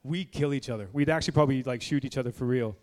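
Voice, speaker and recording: A man in his forties preaching a blunt, fiery sermon to a men's group indoors, moving between low, quiet stretches and loud exhortation. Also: racing. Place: indoor room with a gathered group.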